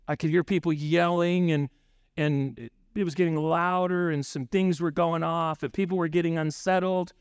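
High-voiced pastor telling stories. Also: male voice, fairly even intonation, normal speed, clean tone, no room sound, clean studio sound. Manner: conversational, frequent "right?" asides, acts out dialogue. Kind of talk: sermon with storytelling.

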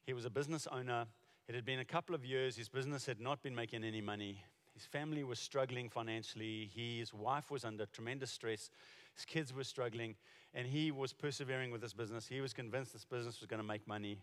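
Casting: middle-aged male pastor, mid-pitched, chatty storyteller, live church hall reverb. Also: fast talker. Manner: storytelling, conversational with restarts. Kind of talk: sermon.

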